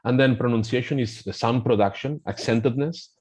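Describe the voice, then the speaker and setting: A man with a Spanish accent, a native Spanish speaker, explaining a pronunciation app in a webinar in a halting way with frequent restarts. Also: mid-range voice, darkish tone. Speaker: guest presenting a pronunciation app.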